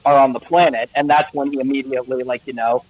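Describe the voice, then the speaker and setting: A man's voice: mid-range voice, fairly even intonation, quick pace, dry recording. A man joining a casual live stream as a guest, making wry, joking remarks. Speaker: guest speaker. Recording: tinny phone-like line.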